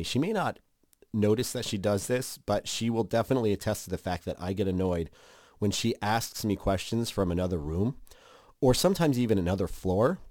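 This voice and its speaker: A man co-hosting a casual chat podcast, animated and acting out quoted lines. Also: no echo, studio quality. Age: adult. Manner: animated, acts out quotes with big pitch jumps. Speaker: podcast co-host.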